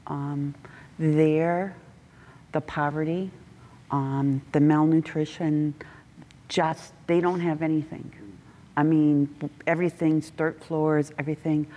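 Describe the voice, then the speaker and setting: A middle-aged woman telling animated stories about a mission trip, breaking into acted voices, in a church hall. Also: takes it slowly, long pauses. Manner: animated, laughing, acts out quotes with big pitch jumps. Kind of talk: casual storytelling. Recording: reverberant hall.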